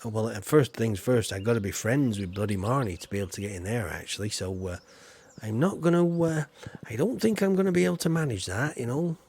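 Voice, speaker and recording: Husky, chatty game streamer. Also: male voice, mid-range voice, expressive, a little fast, darkish tone. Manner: chatty, rambling, cheeky asides. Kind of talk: casual gameplay commentary.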